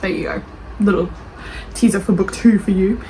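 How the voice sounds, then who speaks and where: A woman's voice: medium pitch, steady tone, normal speed, mellow, rough recording. A woman with an Australian accent, a book reviewer and author chatting casually as she reads reviews aloud, reacting defensively and swearing freely.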